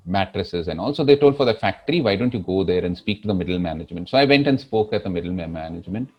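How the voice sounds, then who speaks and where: A man's voice: lowish voice, poor audio. A middle-aged man with an Indian English accent, giving a keynote speech as an earnest, emotional story. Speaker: keynote speaker.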